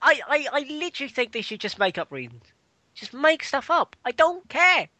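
A woman's voice: high-pitched, big pitch swings, fairly quick, pushed and bright, no room sound. An English woman chatting casually, ranting with lots of swearing. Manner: sweary, ranting, laughing often. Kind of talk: casual chat.

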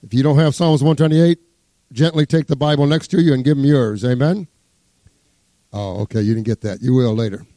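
A man preaching a sermon as pastor, fervent, swinging between loud exclamations and hushed asides as he reads scripture. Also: medium pitch, a little fast, no room sound. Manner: exclaims praise words, reads scripture aloud.

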